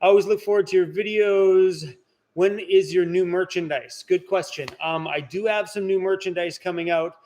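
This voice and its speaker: A man's voice: sits high, fairly even intonation, moderate pace, a little mellow, slight background noise. A man hosting a casual live stream from inside his workshop, chatting and answering viewer comments. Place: indoor workshop.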